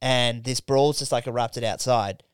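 A man's voice: medium pitch, steady tone, unhurried, clean tone, no echo, clean studio sound. Brash swearing man telling a story. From England. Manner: swears freely, acts out anecdotes in silly voices. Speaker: podcast co-host. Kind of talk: casual banter.

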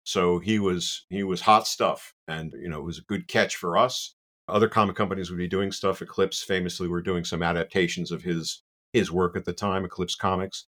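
Low-voiced guy telling a story, animated, pokes fun at himself, lots of you know. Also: moderate pace. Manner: animated, self-deprecating, many "you know" asides. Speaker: guest. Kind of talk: casual anecdotal storytelling.

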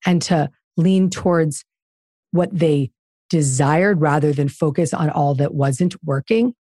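A woman's voice: deep voice, mellow, dry recording, clean studio sound. A woman guest author talking in an interview, emphatic and preachy in her delivery. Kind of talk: conversational interview.

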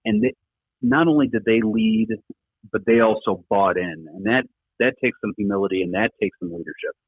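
A man's voice: fairly low pitch, expressive, moderate pace, gravelly, husky, dry recording. A middle-aged man, a former coach, talking earnestly in a rambling interview with lots of fillers. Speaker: former rugby coach, podcast guest. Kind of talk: casual conversational interview talk. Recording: tinny phone-line audio, dry.

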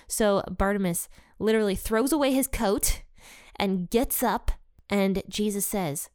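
Smooth-voiced woman teaching a Bible lesson. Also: mid-range voice, moderate pace, a little mellow, no room sound, studio quality. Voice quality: conversational, chatty, with many asides. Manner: retells the story in her own words, acting out voices.

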